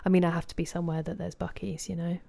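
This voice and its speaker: A woman's voice: on the low side, little pitch movement, rapid-fire, vocal fry, dark tone. A woman from southeast England with a southeast English accent, chatting casually with live viewers while streaming a game and greeting them by name.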